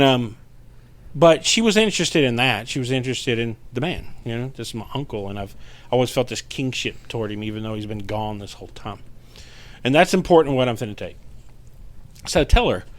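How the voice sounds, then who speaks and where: A middle-aged paranormal investigator, appearing as a podcast guest, tells a story in a casual chat, animated and profane, acting out the voices of the people involved. His voice is mid-range and fairly quick.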